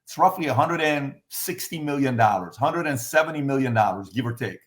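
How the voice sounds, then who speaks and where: A man's voice: mid-range voice, lively intonation, brisk, fairly bright tone, roomy sound. A man hosting a podcast, talking emphatically and firing off repeated rhetorical questions. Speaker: podcast host. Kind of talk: animated podcast commentary.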